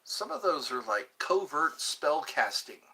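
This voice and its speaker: A young man rambling excitedly on a live stream, chatting with viewers and reading out comments. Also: fairly high pitch, unhurried, gravelly, husky. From United States. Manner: rambling, excitable, breaks into sung bits. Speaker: livestream host.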